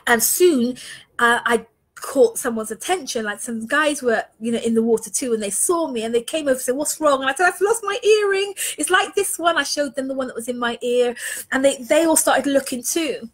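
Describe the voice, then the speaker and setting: High husky woman telling a story. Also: brisk. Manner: earnest, animated storytelling. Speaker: leadership coach. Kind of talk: personal storytelling talk.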